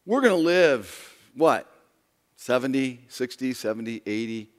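A pastor preaching a sermon, swinging from quiet, low talk to loud, raised passages. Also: male voice, animated, a little slow. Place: church sanctuary. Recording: long reverb of a large hall.

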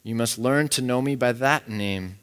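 Give me a majestic, loving lion voice from a man reading a story aloud, slow and soft in a reverberant hall. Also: smooth, close to an everyday voice. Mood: tender. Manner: slow, low, tender reading. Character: majestic gentle lion, male, wise and loving. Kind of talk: sermon read-aloud. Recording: echoey hall.

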